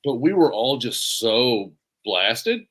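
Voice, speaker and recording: A man's voice: medium pitch, slow pace. A man co-hosting a podcast, chatting casually and rambling through stories. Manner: relaxed, rambling storytelling. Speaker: podcast co-host. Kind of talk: casual chat.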